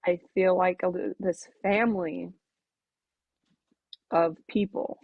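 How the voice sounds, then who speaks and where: A woman guest on a podcast, talking in an earnest, reflective, halting way in casual interview chat. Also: on the low side, steady tone, creaky, slightly rough, no echo. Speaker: podcast guest, melanoma advocate. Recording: dull lo-fi podcast audio.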